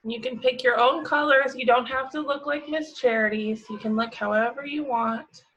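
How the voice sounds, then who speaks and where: A woman's voice: sits high, normal speed, fairly bright tone, dull audio. A woman teaching young children, walking through a worksheet patiently with a sing-song, encouraging manner. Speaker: preschool teacher.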